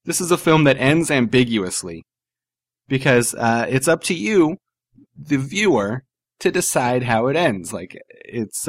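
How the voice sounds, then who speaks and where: A man co-hosting a podcast in casual banter, animated and sarcastic, laughing often. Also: medium pitch, dry recording. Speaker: podcast co-host.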